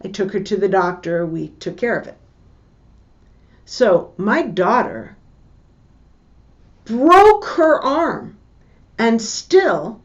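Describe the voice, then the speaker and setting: An older woman giving a lesson with personal stories, talking in a slow, measured way and repeating her key points. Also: medium pitch, highs cut off. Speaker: teacher.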